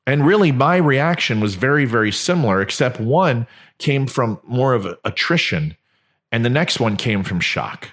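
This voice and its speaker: A man's voice: medium pitch, moderate pace. A man hosting a podcast, telling a story in a monologue and acting out the dialogue as he goes. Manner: animated, acts out quoted dialogue. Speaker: podcast host.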